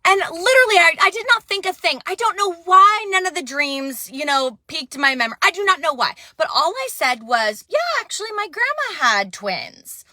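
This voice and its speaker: Woman, 30s, casual storyteller; high, lively voice, dry close sound. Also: brisk, few pauses, no echo. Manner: animated, expressive, acting out quoted voices. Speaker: vlogger.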